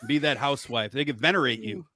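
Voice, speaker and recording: A man's voice: medium pitch, quick pace, bright, forceful tone, no echo, studio quality. A man hosting a casual podcast chat, sarcastic and teasing. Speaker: host.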